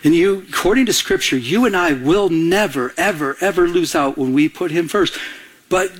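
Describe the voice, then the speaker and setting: A middle-aged man preaching a sermon, telling personal stories in an animated way and often repeating words as he restarts. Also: on the high side, normal speed. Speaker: pastor.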